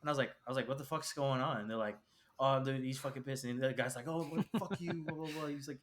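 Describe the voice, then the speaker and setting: Fast-talking man telling rambling stories. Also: mid-range voice, fairly bright tone. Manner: rambling anecdotes with quoted dialogue. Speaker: podcast co-host. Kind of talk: casual chat.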